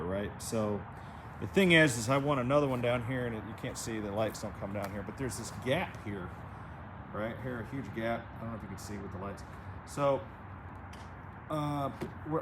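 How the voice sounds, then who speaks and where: A man vlogging casually as he walks through his trailer and workshop, chatty and excitable, laughing often. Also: mid-range voice, noisy background. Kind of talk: casual walk-around vlog.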